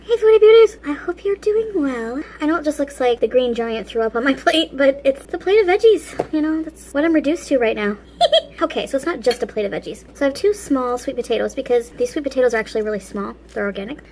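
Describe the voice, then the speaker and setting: A woman with a fairly high voice tells a casual story to her viewers, chatty and quick to laugh. She talks between bites of food. A faint hum of room ambience sits behind her. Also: animated, darkish tone. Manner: eats and talks with food in mouth. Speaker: vlog host. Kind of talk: casual story time while eating.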